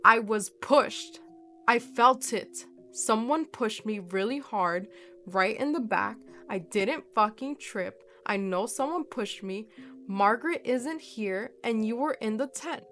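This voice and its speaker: A woman voicing an angry, hurt young man who shouts and sneers as he accuses a friend in a horror story reading. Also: fairly high pitch, lively intonation, slow pace, faint music behind, heavily acted. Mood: angry, accusing.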